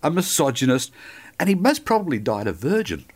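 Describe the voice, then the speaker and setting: A middle-aged Australian man co-hosting a casual history podcast, telling stories in a jokey, animated way. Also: medium pitch, fairly quick, breathy edge. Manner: animated storyteller, jokey, says mate often. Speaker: podcast co-host.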